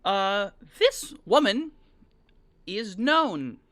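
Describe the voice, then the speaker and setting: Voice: medium pitch, very animated, extremely slow, sharp tone, dry recording. A game master who explains the scene to players in a rambling, conversational way. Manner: rambling, filler-heavy, conversational.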